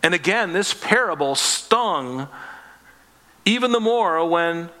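A man's voice: sits high, expressive, slow, bright, forceful tone. A man preaching a sermon as pastor, earnest and conversational, acting out little voices as he tells the story. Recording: long reverb of a hall.

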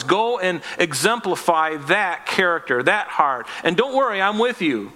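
A man's voice: mid-range voice, lively intonation, normal speed, hardly any pauses, bright, forceful tone. A man preaching a sermon as pastor, earnest and conversational, acting out little voices as he tells the story. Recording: long reverb of a hall.

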